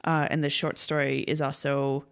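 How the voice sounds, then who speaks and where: A woman's voice: deep voice, little pitch movement, normal speed, creaky, clear, resonant tone. A young woman co-hosting a casual podcast, retelling a story in a chatty way, acting out quotes and laughing easily. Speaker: podcast co-host.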